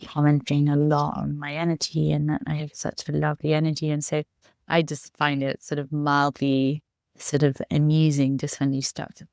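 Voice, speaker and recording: A woman's voice: deep voice, creaky, a little mellow, dry recording. A woman healer as a podcast guest, talking reflectively with lots of "just" and "like". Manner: reflective, many fillers like "just" and "like". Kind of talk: interview conversation.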